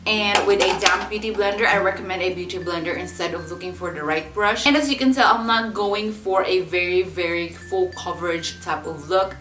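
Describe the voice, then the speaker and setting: Low-voiced woman with a chatty tutorial delivery. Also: fairly bright tone. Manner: chatty, doubles up words for emphasis. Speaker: beauty vlogger. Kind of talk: makeup tutorial. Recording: roomy echo with faint background music.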